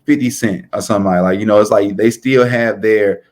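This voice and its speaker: A man co-hosting a podcast, talking in a relaxed, rambling way full of "like" and restarts. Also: lowish voice. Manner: relaxed, drawn-out storytelling with frequent "like". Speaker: podcast co-host. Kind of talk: casual chat.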